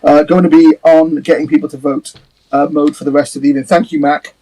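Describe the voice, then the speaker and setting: A man's voice: on the high side, flat delivery, quick pace, dark tone, poor audio. A man from a band, chatting casually on a livestream, rambling, laughing often and swearing a little. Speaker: band member hosting a livestream. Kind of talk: casual chat.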